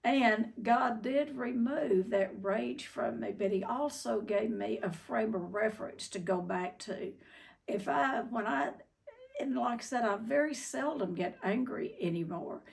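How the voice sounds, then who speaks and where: Older woman with a gravelly voice, telling a folksy story. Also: on the high side, measured pace, recorded from a distance. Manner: folksy, candid, frequent "uh" and "I mean". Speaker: treatment center owner telling her story. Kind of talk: personal storytelling talk.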